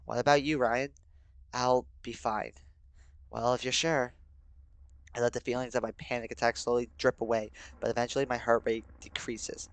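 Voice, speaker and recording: A young man streaming and reading a game story aloud, shifting between steady narration and sudden excited, swearing outbursts. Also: mid-range voice, normal speed, no echo, rough recording. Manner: reads narration in a steady, subdued voice.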